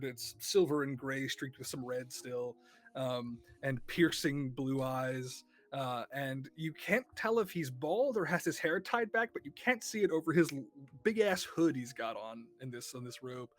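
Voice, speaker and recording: A man's voice: mid-range voice, measured pace. A man narrating a tabletop game as game master in a hesitant way, with lots of fillers.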